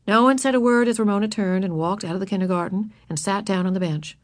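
A woman narrating a children's storybook in an expressive, animated reading. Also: medium pitch, quick pace, few pauses, no room sound, clean studio sound.

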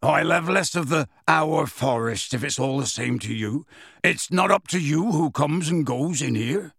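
A man voicing a big, gruff gamekeeper who answers testily and bluntly. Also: on the high side, very animated, unhurried, dry recording, clean studio sound, voice pushed up, exaggerated voice. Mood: angry. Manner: testy, scathing, blunt.

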